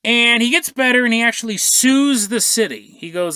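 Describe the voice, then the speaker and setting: A man hosts a podcast, telling a story with lots of jokes, laughs and tangents. His voice is bright and forward. The sound is close and dry. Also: very high voice, moderate pace, few pauses, clear, resonant tone, no echo. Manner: jokey, laughs often, digresses. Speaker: podcast host. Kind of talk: comedic storytelling monologue.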